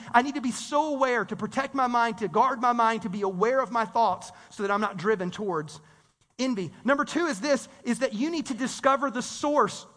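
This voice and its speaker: A man delivers a lively, conversational sermon, often restarting his sentences. His voice sits very high and sounds bright and forceful. A long reverb trails his words through the church hall. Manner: energetic, conversational preaching with repeated restarts. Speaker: pastor.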